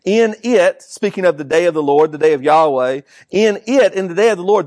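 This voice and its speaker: A man's voice: high-pitched, animated, a little fast, darkish tone, no room sound, clean studio sound. A man preaching a sermon, stressing key words with repetition and rhetorical questions. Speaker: pastor.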